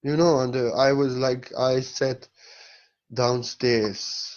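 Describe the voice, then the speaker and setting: A man's voice: mid-range voice, fairly even intonation, slow, dull audio. A man speaking as a spiritual teacher in a blunt, emphatic monologue, with non-native phrasing and frequent swearing.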